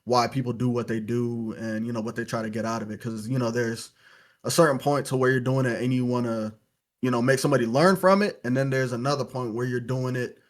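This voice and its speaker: A young man from Louisiana speaks as a podcast guest, his voice sitting at an ordinary middle pitch. He tells his story loosely and reflectively, threading "you know" through nearly every thought. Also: fairly even intonation, fairly quick. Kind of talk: casual interview storytelling.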